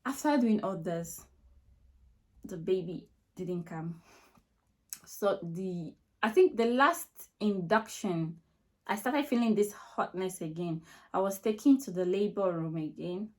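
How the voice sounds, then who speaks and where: A woman's voice: mid-range voice, slow. A young Nigerian woman with a Nigerian accent, emotionally retelling a personal story to camera in a repetitive, filler-heavy way. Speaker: vlogger.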